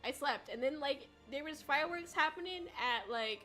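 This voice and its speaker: A young woman chatting casually on a livestream, rambling and giggly with bursts of excitement. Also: sits high, normal speed, over music. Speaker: VTuber streamer.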